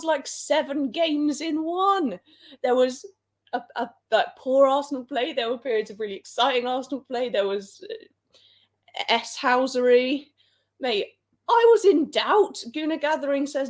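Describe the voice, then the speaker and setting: Excitable girl on a football live stream, kinda high voice, laughs a lot. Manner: excitable, laughs often, dramatic. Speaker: livestream host. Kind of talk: excited livestream chat.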